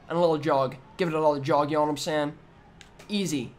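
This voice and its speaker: Young male gaming YouTuber, high-pitched, hyped trash-talk with loud outbursts. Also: fast. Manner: excitable, trash-talking the opponent, sudden loud outbursts. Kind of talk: let's-play commentary.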